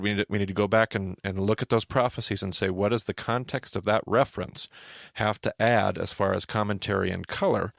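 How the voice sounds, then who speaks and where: A man with a low, gravelly voice teaches scripture as a podcast host, talking in animated bursts and tossing questions to his co-host. The sound is dry and close, with no room around it. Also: dry recording. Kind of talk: conversational Bible teaching.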